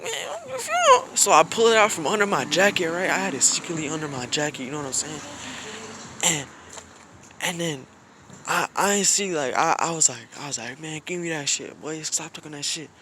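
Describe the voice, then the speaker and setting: Young man, bright and forward tone, casual storyteller who keeps restarting his sentences, recorded outdoors with faint noise behind him. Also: a little high. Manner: slangy, rambling, frequent restarts. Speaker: vlogger. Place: outdoors in snow.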